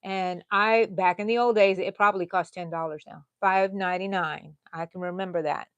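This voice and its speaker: A woman of sixty with a Texan accent, hosting a live crochet stream in a casual, chatty way and dropping to low mutters and whispers as she counts stitches. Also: fairly even intonation, normal speed, no room sound, muffled recording. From Texas. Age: 60s.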